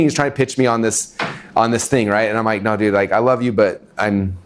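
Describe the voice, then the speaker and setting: A middle-aged man telling a long personal story to a live audience, animated, with many fillers and acted-out quotes. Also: on the low side, fairly quick, slight background noise. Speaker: webinar speaker. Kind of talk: energetic storytelling talk.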